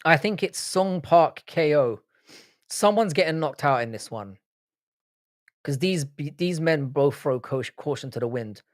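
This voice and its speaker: A man's voice: on the high side, lively intonation, unhurried, no echo, clean studio sound. A young man hosting a live stream, casually bantering with chat, swearing freely and often restarting his sentences. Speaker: livestream host.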